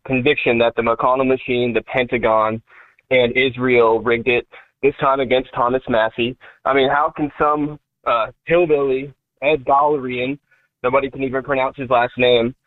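A man calling in to a radio show, earnest and rambling with halting fillers. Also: mid-range voice, no echo. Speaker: caller. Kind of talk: call-in talk radio. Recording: tinny phone line.

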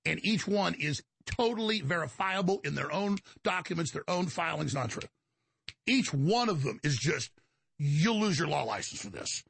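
A man's voice: fairly high pitch, animated, moderate pace, gravelly, a bit bright, breathy edge, no echo. A male show host in an agitated, emphatic monologue, rambling and restarting his sentences. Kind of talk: heated monologue.

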